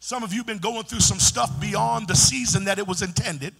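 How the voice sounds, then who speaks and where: A man preaching a sermon in call-and-response style, chanting and building to shouts. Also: high voice, brisk, gravelly, breathy edge, faint music behind.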